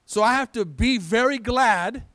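A man delivers a sermon in a church, his voice sitting high for a man. He presses his congregation with questions and calls for an answering amen. The sound is dry and close, with little room around it. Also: unhurried, a bit bright, no room sound. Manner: preaching with rhetorical questions and call-and-response. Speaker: pastor. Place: church sanctuary.

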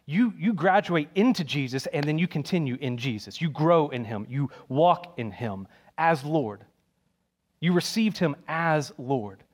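A man's voice: a little high, expressive, a little slow. A man preaching a sermon in an emphatic, conversational way, repeating key phrases.

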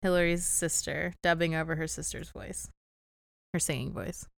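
A woman with a fairly low, gravelly voice co-hosts a casual podcast, teasing and cracking jokes as she recaps a film. The sound is dry and close, with no room echo. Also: fairly even intonation, normal speed. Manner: joking, laughs often, cheeky. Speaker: podcast co-host. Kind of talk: casual chat recapping a movie.

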